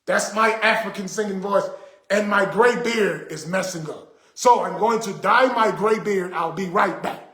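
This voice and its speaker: Unhurried and fairly bright, this middle-aged man's high-sitting voice fills an echoey room as he rants at the camera, indignant and preachy, repeating points for emphasis.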